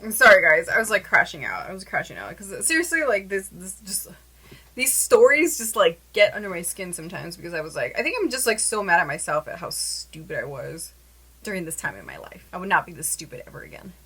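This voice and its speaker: A young woman telling a story to her camera in a casual, animated way, with many "like" fillers. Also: fairly low pitch, brisk, breathy edge, rough recording. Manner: chatty, animated, lots of "like" fillers.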